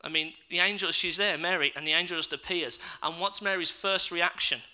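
Bright-voiced male preacher. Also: high voice, a little fast, low-quality recording. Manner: reflective, asks the listeners questions. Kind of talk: sermon with scripture reading.

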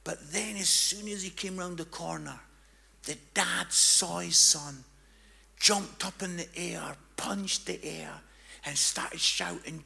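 A man preaching a sermon, telling a story and swinging from hushed tones to loud, fervent passages. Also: high-pitched, takes it slowly, vocal fry.

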